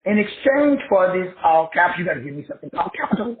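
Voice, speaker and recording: A man's voice: high-pitched, very animated, fast talker. A man teaching in a preachy style, spelling words out letter by letter and answering his own questions with emphatic repetition. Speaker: self-help teacher. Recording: tinny phone-like sound in an echoey room.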